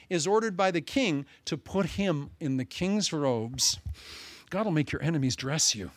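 A male pastor preaching a sermon with animated, dramatic storytelling. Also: a little high, a little slow, no room sound.

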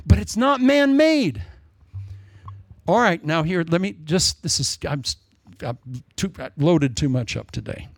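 A male pastor preaching a sermon in an excitable way, wandering off into jokey asides. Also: a little high, measured pace, no room sound.

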